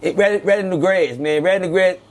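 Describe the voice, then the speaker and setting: A man telling old street stories as an interview guest, animated and acting out quoted voices. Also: brisk, a little hiss or hum. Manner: animated, acts out quoted voices with sudden pitch jumps. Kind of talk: casual storytelling.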